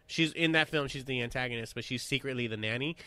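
A man's voice: mid-range voice, quick pace, pushed and bright, no room sound. A man hosting a casual podcast chat, a loose, profane storyteller who laughs often. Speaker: podcast host.

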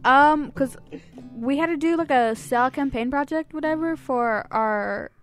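A woman's voice: high-pitched, unhurried, faint music behind. A woman chatting casually on a podcast, telling a story and giggling. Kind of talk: casual chat.

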